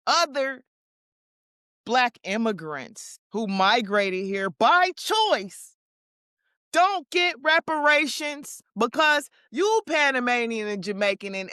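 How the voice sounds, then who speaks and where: A woman hosting a commentary show, talking in animated, slangy, mocking as she reacts to clips. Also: on the high side, clear, resonant tone, no echo, clean studio sound. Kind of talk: casual commentary on news clips.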